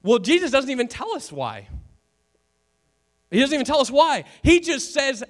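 A man with a notably high voice preaching to his congregation. He talks in an earnest, chatty way, repeats his main points for weight, and checks in with the listeners as he goes. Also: wildly swooping pitch, normal speed, pauses often. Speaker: pastor. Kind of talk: conversational sermon.

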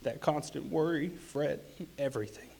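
A man shares his personal testimony in church, earnest and a little halting as he restarts his sentences. His voice sits somewhat high for a man. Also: vocal fry, a little mellow, breathy edge. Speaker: church member giving testimony.

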